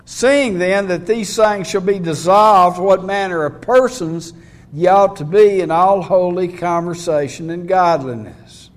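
A man preaching a sermon in a folksy way, reading scripture and building to fervent, loud passages. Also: sits high, a little slow. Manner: folksy, rising to fervent shouts when preaching.

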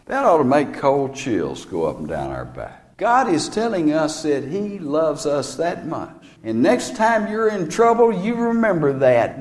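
A man's voice: sing-song, a little slow, hardly any pauses, a little mellow, big-room sound. A man preaching a sermon, emphatic, repeating phrases as his voice rises and falls. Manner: emphatic, repeats phrases with swelling and falling pitch.

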